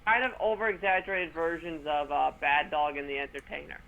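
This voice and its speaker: A man co-hosting a casual sports chat, his voice a touch higher than most. He leans on sarcasm and drifts into loose, rambling asides. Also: little pitch movement, brisk, gravelly, phone-quality sound. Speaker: co-host.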